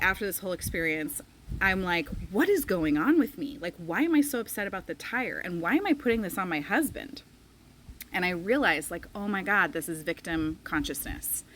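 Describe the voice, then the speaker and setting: A woman in her thirties talks in a slightly low voice, telling a personal story to the camera. She speaks loosely and chattily, scattering "like" through her sentences. A faint hiss runs underneath. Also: fairly bright tone, rough recording. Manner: chatty, frequent "like" fillers, emotional retelling. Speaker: spiritual coach. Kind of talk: casual personal storytelling vlog.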